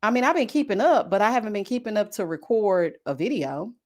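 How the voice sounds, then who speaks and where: A woman gives casual live-stream commentary, gossipy and full of sass. Her pitch sits in a middle range but leaps around with animated, expressive swings. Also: a little fast. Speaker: YouTube reality-TV reviewer.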